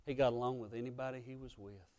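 A man preaching a sermon as pastor, emotional and impassioned, swinging between loud passages and hushed ones. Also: mid-range voice, steady tone, fast talker.

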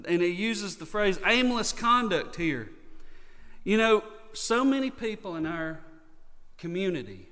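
A man's voice: sits high, big pitch swings, a little slow, a bit bright, big-room sound. A man from North Carolina with a Southern accent, preaching a sermon earnestly and repeating key points for emphasis. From North Carolina, USA. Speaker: pastor.

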